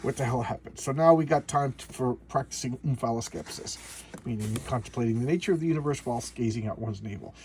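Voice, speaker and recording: A man's voice: medium pitch, fast, a little mellow, a little hiss or hum. A man casually recapping a comic book in a rambling, sarcastic way, with many restarts. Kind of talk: casual video commentary.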